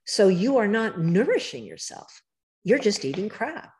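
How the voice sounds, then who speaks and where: A woman author as a podcast guest, talking casually but emphatically, lecturing in quick bursts, her voice rough in the morning. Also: medium pitch, sing-song, darkish tone. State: morning voice, throat clearing.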